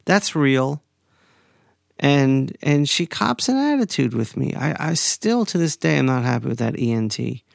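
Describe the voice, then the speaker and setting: A man in his forties telling a personal story in a casual, animated way, sometimes profane and heated. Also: medium pitch, a little slow, gravelly, no echo, studio quality. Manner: animated, profane, rising to anger.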